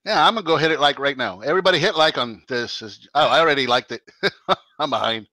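A man's voice: medium pitch, expressive, fast talker, bright, forceful tone, no echo. A man hosting a casual on-camera spicy chip challenge, chatting and laughing with wry understatement while his mouth burns and his eyes tear up. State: mouth burning, teary. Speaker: channel host.

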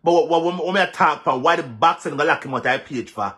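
A man's voice: fairly high pitch, fast talker, pushed and bright. A man with a Jamaican accent giving heated commentary on a vlog, repeating himself for emphasis and mixing patois with English. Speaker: social media commentator.

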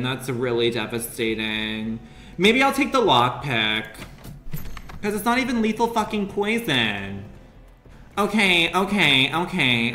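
Male streamer, campy and foul-mouthed, middle pitch, roomy echo, faint music behind. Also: bright, forceful tone. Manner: giggly, profane, campy chatter. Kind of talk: casual gaming stream chat.

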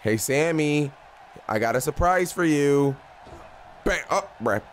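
A young man gives casual play-by-play of his own video game match. His voice sits a bit high, and he talks straight at the characters in slangy, excitable bursts. A faint hiss of noise sits under the recording. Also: slow. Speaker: gaming YouTuber.

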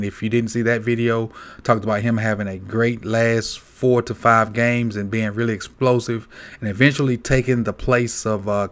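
Male host, lower voice, easygoing football countdown vlog, halting delivery full of fillers. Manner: relaxed, halting, many "uh" and "um" fillers. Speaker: sports video host. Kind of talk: casual sports commentary vlog.

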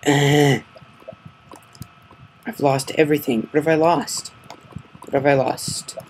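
A man's voice: fairly high pitch, steady tone, slow pace, a little hiss or hum, rough recording. Man muttering over gameplay. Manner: muttering curses under his breath, then loud outbursts. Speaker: gamer narrating his gameplay. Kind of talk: casual Let's Play commentary.

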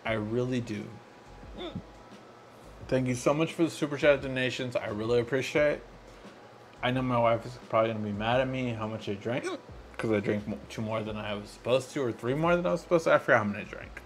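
A man's voice: medium pitch, a little hiss or hum. A tipsy man hosting a live tech show, slurring his words and hiccuping as he chats with viewers. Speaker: host.

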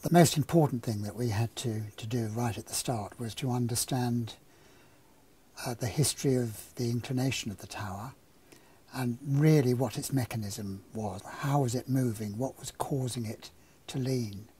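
A man's voice: mid-range voice, normal speed, breathy edge. An older man, an engineer, telling an anecdote and then explaining a problem with a live model demonstration. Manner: anecdotal, relaxed storytelling.

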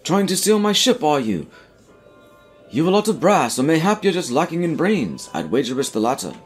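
Man doing a gruff, husky pirate captain; sly, bossy, very lively line readings. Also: a little high, faint music behind, pitched above the performer's own voice. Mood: mocking. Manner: mocking, commanding, drawn-out sea-dog talk.

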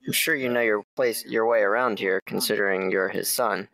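A man's voice: fairly low pitch, fairly even intonation, a little fast, creaky, a bit bright. A man playing a cocky halfling. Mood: friendly. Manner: teasing, cocky. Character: cocky male halfling adventurer.

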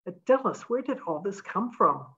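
A woman's voice: medium pitch, very animated, moderate pace, fairly bright tone, highs cut off, voice pushed up. A woman reading aloud, voicing a determined young woman who talks urgently and pleads.

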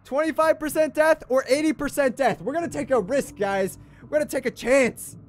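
A young man streaming a game, excitable, swinging between shouting at the game and grumbling. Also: very high-pitched, moderate pace, a little hiss or hum. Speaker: gaming livestreamer. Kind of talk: livestream gameplay commentary.

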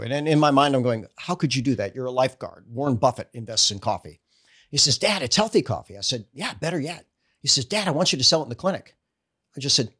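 A middle-aged man, a chiropractor, telling stories in a casual interview and acting out the dialogue with sudden jumps in his voice. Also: husky. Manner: animated storyteller acting out dialogue with quick pitch jumps. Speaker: guest, chiropractor and network marketer.

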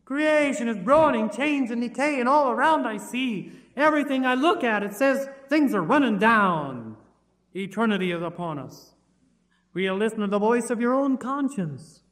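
A man's voice: extremely high pitch, lively intonation, normal speed, a bit bright. A man preaching a sermon, pleading urgently and repeating words for emphasis. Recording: reverberant hall.

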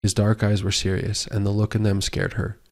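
Low-voiced male audiobook narrator. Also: completely flat delivery, normal speed, a little mellow. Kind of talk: scripted narration.

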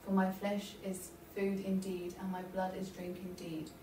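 A woman's voice: mid-range voice, monotone, moderate pace, warm tone, a little hiss or hum. A woman from the audience reading scripture aloud carefully. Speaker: reader in the audience. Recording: echoey church from far off.

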